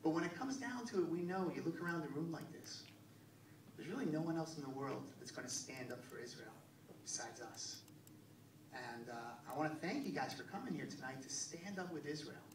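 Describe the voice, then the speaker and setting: A male comedian doing live stand-up, telling a story in an animated way and acting out the other people's voices. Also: on the high side, a little fast. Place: live venue with audience. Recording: echoey room, distant mic, crowd noise.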